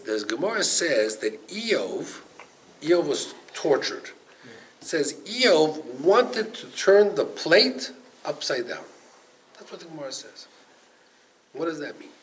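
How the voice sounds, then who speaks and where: Older man, rabbi, Torah class, storytelling, acts out voices, Hebrew and Yiddish terms, lively pitch, faint background hiss. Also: low-quality recording. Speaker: rabbi teaching the weekly Torah portion.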